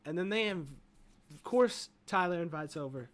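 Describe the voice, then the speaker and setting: A man's voice: fairly high pitch, lively intonation, normal speed, a bit bright. A man casually retelling a movie plot in a rambling review, swearing freely and leaning on fillers. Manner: rambling, profane, full of fillers like "you know".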